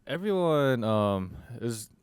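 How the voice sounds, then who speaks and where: A young man guesting in a radio interview, talking hesitantly with many pauses and fillers. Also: medium pitch, very animated, clear, resonant tone. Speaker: band member guest. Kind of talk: casual interview talk. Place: radio studio.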